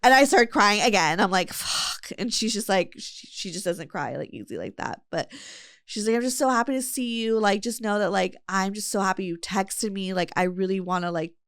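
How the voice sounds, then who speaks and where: Brisk and clear, her mid-range voice has a bright, resonant tone. She hosts a podcast, chatting her way through a long story full of fillers and friends' quotes.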